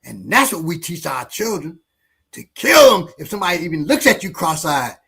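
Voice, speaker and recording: A man, a martial arts instructor, telling a story in casual talk, halting and restarting often. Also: on the high side, sing-song, gravelly, fairly bright tone, breathy edge. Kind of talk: casual storytelling in a panel discussion.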